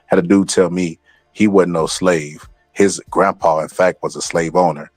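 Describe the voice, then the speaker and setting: Deep-voiced man on a profane rambling rant. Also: steady tone, moderate pace, darkish tone, no room sound, faint music behind. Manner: rambling and profane, acts out quotes. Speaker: commentary channel host. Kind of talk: casual commentary rant.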